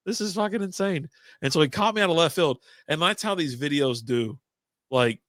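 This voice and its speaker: A man's voice: a little high, fairly bright tone, no room sound. A man co-hosting a casual podcast chat, telling rambling stories with frequent laughs and swearing. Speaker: podcast co-host. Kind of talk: casual beer-drinking chat.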